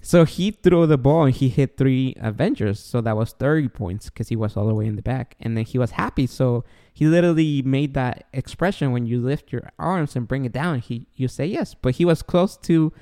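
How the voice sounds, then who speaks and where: A man's voice: medium pitch, expressive, normal speed, hardly any pauses, warm tone. A man co-hosting a podcast, chatting casually and acting out his own reactions as he tells a story. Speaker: podcast co-host. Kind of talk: casual chat.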